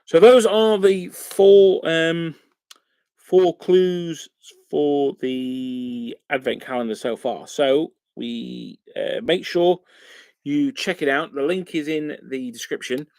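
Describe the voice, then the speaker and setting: A man talks through a casual live stream in a loose, rambling way, with lots of fillers. His voice has a gravelly, creaky edge. The sound is dry and close, with no room echo. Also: on the high side, slow pace, darkish tone. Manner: rambling and chatty, many fillers. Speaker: wargaming channel host. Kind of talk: casual live-stream chat while painting miniatures.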